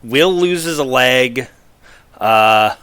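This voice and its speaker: A man's voice: medium pitch, lively intonation, drawn-out words, fairly bright tone, smooth, no echo. A man co-hosting a podcast who chimes in with short questions and reactions in casual chat. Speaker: podcast co-host.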